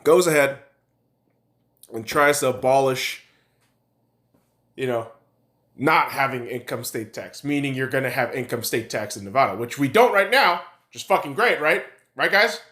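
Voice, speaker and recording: A man's voice: mid-range voice, normal speed, long pauses, sharp tone. A man hosting a podcast, ranting in a heated, sarcastic, swear-filled monologue. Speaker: podcast host. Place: room in Nevada. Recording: echoey room.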